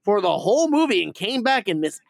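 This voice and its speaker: A man with a slightly high voice talks loosely on a podcast, cursing freely and stacking up fillers as he goes. The sound is dry and close, with no room in it. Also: big pitch swings, fairly quick, creaky, no echo. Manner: rambling, profane, full of fillers. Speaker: podcast co-host reviewing a movie. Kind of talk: casual chat.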